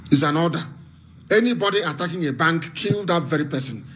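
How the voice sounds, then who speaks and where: A man's voice: fairly high pitch, expressive, fairly quick, fairly bright tone, slight background noise. A man from Nigeria with a Nigerian accent, giving a fiery, repetitive live radio address as an activist broadcaster.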